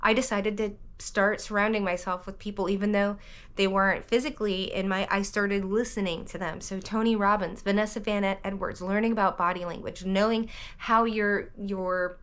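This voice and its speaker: A woman from the American South who reads tarot, talking to camera in a rambling, animated vlog monologue, often cutting herself off mid-sentence. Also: medium pitch, normal speed, smooth. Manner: rambling, animated, self-interrupting. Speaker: tarot reader vlogger.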